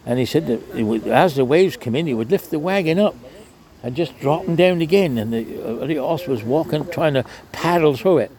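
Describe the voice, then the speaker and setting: A man's voice: on the high side, expressive, normal speed, mellow. An older man with a Cornish accent telling rambling stories in an interview, chatty and salty, often restarting. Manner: chatty, restarts, mild swearing. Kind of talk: rambling storytelling.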